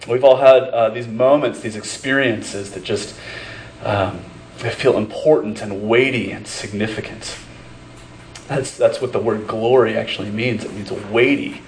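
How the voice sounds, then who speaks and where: A man's voice: fairly low pitch, steady tone, unhurried, roomy sound, a little hiss or hum, rough recording. A man preaching a sermon as pastor, telling personal stories in a conversational way with many fillers and restarts. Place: church sanctuary.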